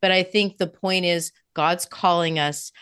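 A woman's voice: lowish voice, fairly even intonation, unhurried, fairly bright tone, clear, resonant tone. A woman co-hosting a morning radio show, wrapping up an interview and announcing events in an upbeat, promotional way. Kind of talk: radio talk show wrap-up.

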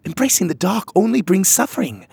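A man's voice: high voice, big pitch swings, a little fast, gravelly, darkish tone, slightly rough, no echo, voice pushed up, full character voice. A man voicing a passionate young fairy girl who speaks urgently and indignantly in a storybook. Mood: pleading.

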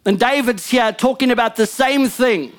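A woman pastor preaching a sermon in an animated way, swinging between loud emphasis and low murmured asides, often calling out "come on" and "amen" to the congregation. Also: normal speed, soft background music.

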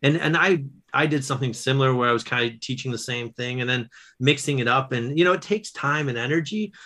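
A man, a guest author and educator, telling stories in casual conversation, animated, with quick restarts. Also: mid-range voice. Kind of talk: casual storytelling.

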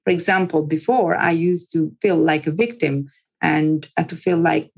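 A woman's voice: sits low, steady tone, normal speed, gravelly, a little mellow, husky, poor audio. A woman psychologist, an interview guest, telling a personal story in an earnest way, repeating words and often restarting her sentences.

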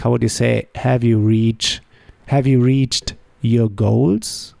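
A man teaches a podcast language lesson at an unhurried, measured pace. He sets each phrase up as a question and then answers it himself. His voice is gravelly and mid-pitched, recorded dry and close. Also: fairly even intonation, darkish tone, no echo. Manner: slow, deliberate drilling with question-and-answer prompts.

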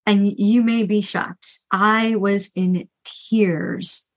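In a candid solo podcast, a middle-aged woman who coaches people on finances earnestly recounts her history with debt. She frequently restarts sentences and adds quick asides, speaking in a steady, mid-range voice over poor audio.

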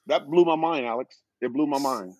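A man's voice: a little fast, no room sound. A middle-aged man, a former pro football player, telling stories in a podcast interview and acting out quoted exchanges. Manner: animated storyteller, acting out quoted exchanges in a higher voice.

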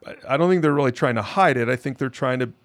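Speaking quickly, a man who is a pastor and co-host reads scripture aloud during a casual discussion, repeating phrases in an incredulous, emphatic way. His pitch is medium and the sound has no echo.

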